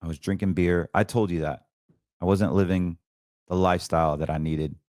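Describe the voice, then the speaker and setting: The host, a middle-aged man, speaks in a very deep voice at a moderate pace and fairly even intonation, giving a heartfelt, preachy testimony during casual conversation. When feeling takes over his voice drops low, and the close-miked recording has no echo or room sound.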